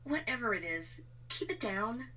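A woman's voice: a little high, sing-song, moderate pace, sharp tone, breathy edge, heavily acted, poor audio. A woman voicing a sleepy, irritated young woman who talks in a dismissive drawl. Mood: annoyed.

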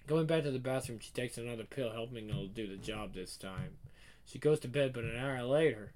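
A man's voice: mid-range voice, brisk, darkish tone. A man narrating an audio story in the second person, in a casual, conversational way.

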